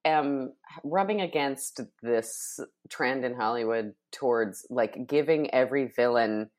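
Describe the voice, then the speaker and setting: A woman's voice: extremely low pitch, unhurried. A woman guest on a movie podcast, chatting casually and wryly about films. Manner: wry, animated, drifts into quiet asides. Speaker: guest, monster movie expert.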